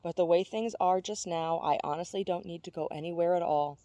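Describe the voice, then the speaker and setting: A glum, earnest storybook boy, read by a woman. He speaks quietly and seriously in a mellow, dry voice. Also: lowish voice, a little fast, dry recording, natural voice.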